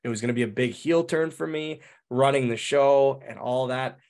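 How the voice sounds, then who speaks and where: A man's voice: medium pitch, normal speed, vocal fry. A man in his thirties, a former wrestler, telling a career story in a casual interview with lots of fillers and restarts. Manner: animated, rambling storyteller with frequent fillers.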